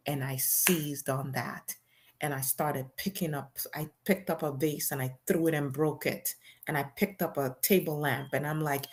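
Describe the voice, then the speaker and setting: Low, gravelly woman reading a memoir. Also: steady tone, moderate pace. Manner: plain, conversational storytelling with fillers. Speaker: host reading a memoir aloud. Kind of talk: first-person memoir reading.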